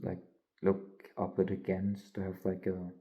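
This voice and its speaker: A man's voice: sits low, completely flat delivery, moderate pace, dark tone, low-quality recording. A young man, a college student, talking candidly in a rambling, filler-heavy way with some yawning. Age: young adult. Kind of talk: casual vlog monologue.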